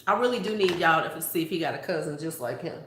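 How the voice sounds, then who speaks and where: A woman's voice: low voice, lively intonation, quick pace, a little hiss or hum. A woman beauty vlogger in a casual live-stream chat, playful and talking straight to her viewers. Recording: roomy echo.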